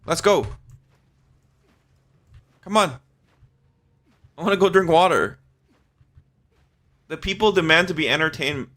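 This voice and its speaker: Slow, bright-voiced male streamer. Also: a little high, expressive. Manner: chatty, laughs often, swears freely. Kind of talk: casual live-stream chat.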